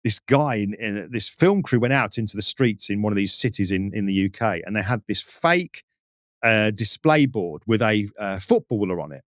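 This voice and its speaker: Man, podcast guest, animated storyteller, very lively pitch, dry close sound. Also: normal speed, no echo. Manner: lively, acts out the people in his stories. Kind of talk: animated anecdote telling.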